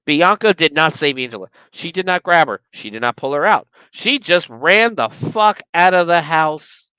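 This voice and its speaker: A podcast host whose casual recap swings widely up and down in pitch and keeps slipping into profane rants. The tone is bright and forceful, and the recording is close and dry with no room sound. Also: normal speed, hardly any pauses, clean tone, dry recording. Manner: animated, profane, ranting.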